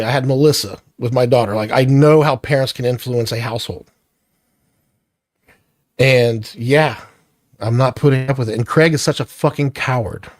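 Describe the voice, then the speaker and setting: A man's voice: mid-range voice, dry recording. Middle-aged man, vlogger, blunt and profane, venting irritation in a personal rant, dry close sound. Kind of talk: angry personal vlog rant.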